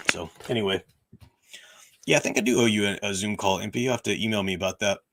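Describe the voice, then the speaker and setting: A man with a fairly low, hoarse voice chats loosely to his livestream viewers from home. He talks in a rambling way, stopping and restarting his sentences with plenty of fillers. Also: a little fast, background noise. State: hoarse, voice worn out. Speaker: livestream host. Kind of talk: casual livestream chat. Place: at home, room with bookshelves.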